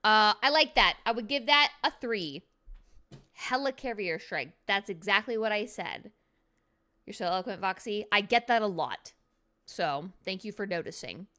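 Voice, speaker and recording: A woman's voice: medium pitch, lively intonation, normal speed, pushed and bright. A woman streamer giving a casual card review at her computer, goofy and playful with silly jokes.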